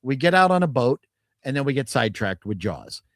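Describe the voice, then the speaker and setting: In studio quality with no room sound, a man co-hosting a podcast talks casually about a movie, rambling, restarting and laughing. His mid-range voice is brisk and fairly bright in tone, with big pitch swings.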